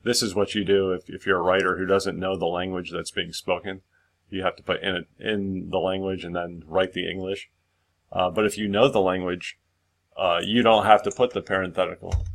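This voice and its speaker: Male tutor, low-pitched, casual and rambling, restarts mid-sentence, light typing in background. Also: flat delivery, normal speed, vocal fry, fairly bright tone. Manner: rambling, full of fillers and restarts. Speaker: screenwriting tutor. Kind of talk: casual screen-share tutorial.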